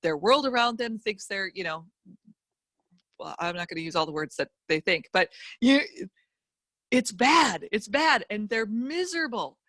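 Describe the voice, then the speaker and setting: A middle-aged woman, a financial educator appearing as a guest speaker, tells a personal motivational story with emphatic, animated delivery and vivid asides. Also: mid-range voice, moderate pace, no room sound, studio quality.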